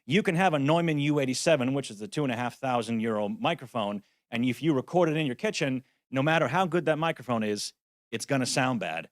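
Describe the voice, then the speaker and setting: A man's voice: mid-range voice, expressive, fast talker, no echo. Guy giving a conference talk on voice acting, wry and practical, dry close sound. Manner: practical, wry, self-deprecating asides. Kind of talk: conference presentation. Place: conference venue.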